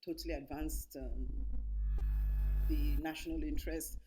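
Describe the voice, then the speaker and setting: A woman's voice: sits low, steady tone, measured pace, music in the background, low-quality recording. A middle-aged woman from Nigeria gives an emphatic conference talk over slides, repeating her key points. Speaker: conference speaker.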